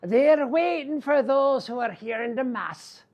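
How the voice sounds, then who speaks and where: A knowing little fairy man with an Irish lilt explains gently and softly, as an Irish storyteller puts him on. He sounds patient and kindly, like a fairy in a spoken storybook. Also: very high voice, animated, measured pace, dull audio, pitched above the performer's own voice. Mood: explaining.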